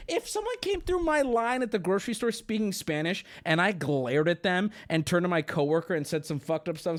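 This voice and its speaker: A man's voice: high voice, a little fast, few pauses. A young man hosting a livestream, rambling through stories in a casual, profane way. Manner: rambling, profane, animated storytelling. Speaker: streamer host.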